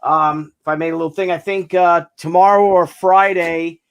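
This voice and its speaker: A man's voice: high voice, steady tone, normal speed, a bit bright, clean tone. A man who is a guest on a live talk stream, chatting casually with lots of ums and uhs. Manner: rambling with many fillers. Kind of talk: casual chat.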